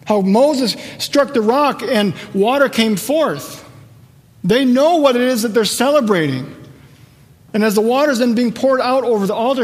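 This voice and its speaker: A man with a notably high voice delivers a Sunday sermon, moving from relaxed, chatty storytelling into emphatic, rising passages. His words carry a long reverberant tail, as if spoken in a large sanctuary. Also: normal speed. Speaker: pastor.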